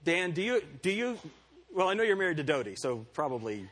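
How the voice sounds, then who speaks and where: A man's voice: fairly high pitch, sing-song, a little fast, fairly bright tone. A male pastor giving a candid, conversational sermon to his congregation and calling on members by name. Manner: candid and self-deprecating. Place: church service before a congregation.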